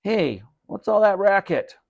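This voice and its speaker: A man's voice: sits high, animated, measured pace, creaky, muffled recording, voice pushed up, exaggerated voice. A man doing a grumpy, scolding dad. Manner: loud, scolding. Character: stern tired father calling through wall.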